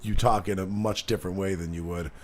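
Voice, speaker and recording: A man's voice: low-pitched, steady tone, a little fast, a little hiss or hum. A married man hosting a casual podcast, talking loosely with plenty of "like" and playing clips to react to. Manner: chatty, many fillers, plays clips to react to. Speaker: podcast host. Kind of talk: casual chat.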